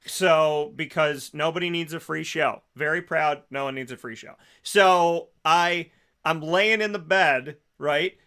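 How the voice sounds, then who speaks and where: A man hosting a radio show, telling a comic story in a lively way and acting out the people in it. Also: fairly high pitch, unhurried, clean tone. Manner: animated, acts out quotes in other voices. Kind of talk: comedic storytelling monologue.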